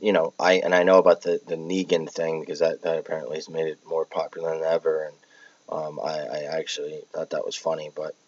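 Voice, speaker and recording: A man casually telling a dream story, halting with restarts and fillers, often clearing his throat. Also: low-pitched, no room sound. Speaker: podcast host telling a dream. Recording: dull lo-fi dry recording.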